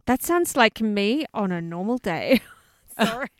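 A woman's voice: mid-range voice, expressive, measured pace, no room sound, clean studio sound. A woman co-hosting a casual chat who reacts to her partner's story with exclamations and jokes.

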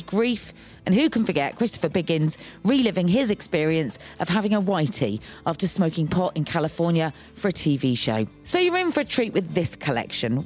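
A woman's voice: fairly low pitch, darkish tone. A woman hosting a podcast, reading an upbeat intro and then chatting with her guest, often jumping in with comments. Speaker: podcast host. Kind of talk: scripted intro and casual interview.

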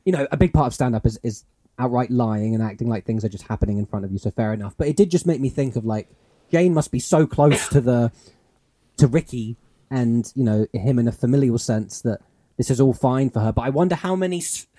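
A man's voice: mid-range voice, brisk, dark tone, no room sound. A man co-hosting a podcast in casual chat, rambling and musing with lots of fillers. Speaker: podcast co-host.

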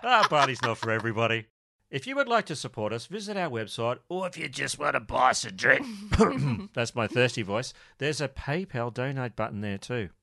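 A man's voice: medium pitch, very animated, fairly quick, vocal fry, pushed and bright, no room sound. A man co-hosting a podcast, bantering casually and telling crude, jokey stories. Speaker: podcast co-host.

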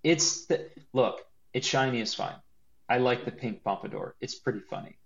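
A man co-hosting a podcast in casual chat, animated and joking, with a lot of laughing and restarts. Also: mid-range voice, moderate pace, vocal fry, highs cut off. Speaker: podcast co-host.

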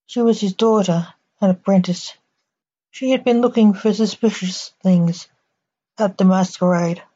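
A woman reading a short story aloud in plain, unhurried storytelling, as a podcast storyteller, on a dull lo-fi recording. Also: mid-range voice, fairly even intonation, dark tone.

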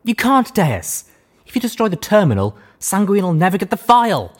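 A man's voice: high voice, wildly swooping pitch, normal speed, pitched above the performer's own voice, heavily acted. A man reading an audiobook, voicing a scrawny, nervous male unicorn who whines and frets. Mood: whiny. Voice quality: whiny, fretful. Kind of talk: audiobook character voice.

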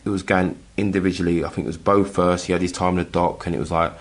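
A middle-aged man from England telling a personal story in casual chat, halting with many restarts and acting out the voices he quotes. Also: low-pitched, steady tone. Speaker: guest telling his story.

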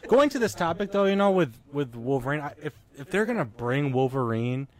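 A man's voice: fairly high pitch, big pitch swings, brisk. A man chatting casually about movies, rambling with many fillers and restarts. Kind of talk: casual podcast chat.

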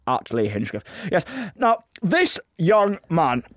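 A man's voice: fairly high pitch, very animated, slow, a bit bright, dry recording, studio quality, full character voice. A man playing a bumbling, giggly Santa Claus on a comedy podcast, rambling and mock-scolding. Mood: mock stern. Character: bumbling male Santa Claus with shifting accent. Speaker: podcast co-host. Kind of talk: comedic role-play.

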